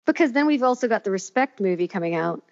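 A woman's voice: mid-range voice, expressive, fast talker, lo-fi sound. A woman co-hosting a podcast in casual chat, rambling with fillers and restarts. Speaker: podcast co-host.

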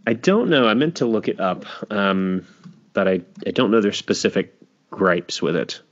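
Deep-voiced chatty man hosting a podcast. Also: expressive, moderate pace, dull audio. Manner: chatty, laughs often, trails off and restarts. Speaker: podcast host. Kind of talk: casual chat.

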